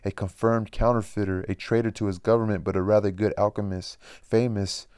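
A man voicing a sly, fawning male demonic master of ceremonies in an audiobook reading, with confiding, drawn-out asides. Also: on the low side, level tone, darkish tone, smooth, no echo, clean studio sound, close to an everyday voice.

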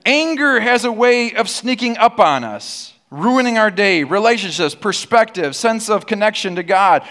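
A man's voice: high voice, lively intonation, normal speed, few pauses, a bit bright. A man preaching a sermon as pastor, with a sarcastic, humorous storytelling manner and call-and-response with the congregation. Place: church auditorium.

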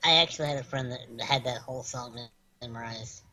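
Very low-voiced woman, dry and blunt. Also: fast, pushed and bright. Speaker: co-host. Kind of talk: casual chat.

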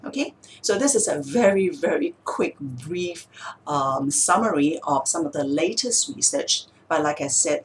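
A woman's voice: sits low, slight background noise, rough recording. A woman speech therapist explaining techniques to viewers patiently, step by step with examples. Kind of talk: explanatory video talk.

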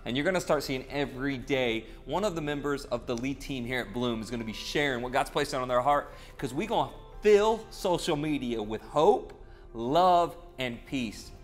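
A man's voice: mid-range voice, moderate pace, soft background music. A man speaking as a pastor in a short online devotional sermon, earnest and conversational, retelling scripture with animation.

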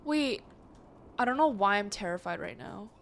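Hosting her gaming channel, a young woman gives casual let's-play commentary, jumping at scares and exclaiming to the game and her viewers. She speaks mid-range at a moderate pace, with lively intonation and a fairly bright tone, over slight background noise.

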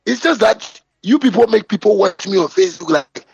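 A man's voice: a little fast, vocal fry, darkish tone, slightly rough, no room sound, highs cut off. A man from Ghana with a Ghanaian English accent, ranting indignantly and bragging as he answers a critic. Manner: indignant, bragging, rising pitch when worked up. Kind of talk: heated boastful rant.

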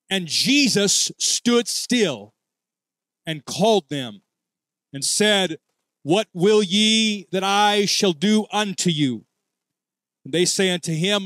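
A man preaching a church sermon, calling for responses from the congregation and leading prayer in drawn-out phrases. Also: a little high, a bit bright, no echo. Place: church sanctuary.

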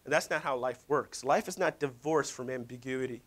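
A middle-aged male pastor preaches a sermon in church, his mid-range voice slightly bright and moderately paced. He speaks conversationally and fills his talk with rhetorical questions to the congregation.

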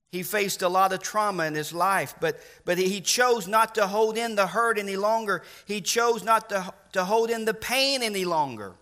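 A man preaching a sermon as pastor, earnest, with slow emphatic stresses and repeated refrains. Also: sits high, sharp tone. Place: church.

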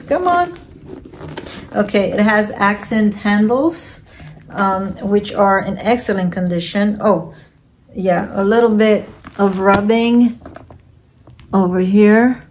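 A woman talks through a handbag unboxing for her vlog at an easy, slow pace, stopping often for fillers as she looks over each bag. Her pitch sits at an ordinary middle, and a faint hiss runs under the voice. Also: darkish tone. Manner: unhurried, hesitant, many fillers. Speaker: reseller vlogger.

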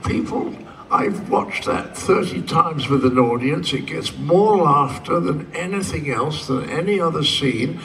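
An older man appears as a convention guest, telling a rambling story to a live audience with dry humor and acting out the dialogue. His voice sits on the high side and is a bit bright, animated but unhurried. It's captured from a distance on a large convention hall stage, with faint crowd ambience and slight background noise.

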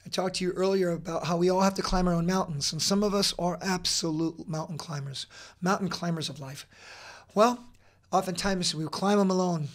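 A middle-aged man talking as a podcast guest, earnest and energetic, with many fillers and restarts. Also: high voice. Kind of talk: casual interview talk.

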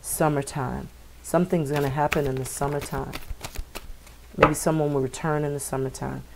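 Low-pitched woman, rambling tarot reader, filler-heavy and repetitive. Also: fairly even intonation, moderate pace, vocal fry, heavy background noise. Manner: meandering, repeats words, many fillers. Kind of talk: spiritual reading for viewers.

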